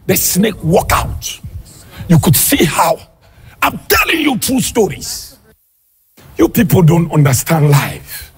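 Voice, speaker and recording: A man preaching in church with a very husky, raspy voice. His delivery swings widely, rising into shouted, sing-song peaks and dropping into quick, low asides. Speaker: pastor. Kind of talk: sermon.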